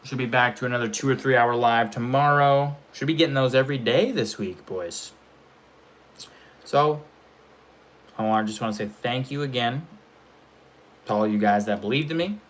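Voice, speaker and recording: A young man streaming live, telling a rambling, animated story in casual chat and swearing often. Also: mid-range voice, moderate pace, long pauses.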